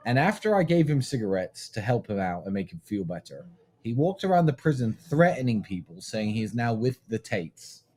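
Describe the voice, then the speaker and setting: Man telling a story with a lively voice. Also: mid-range voice, husky, low-quality recording. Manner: wry, animated storytelling. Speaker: vlog host. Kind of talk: casual storytelling vlog.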